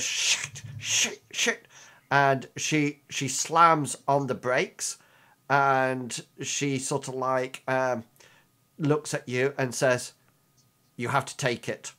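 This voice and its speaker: A man running a tabletop game as game master, talking in a halting way with many ums and restarts. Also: mid-range voice, a bit bright.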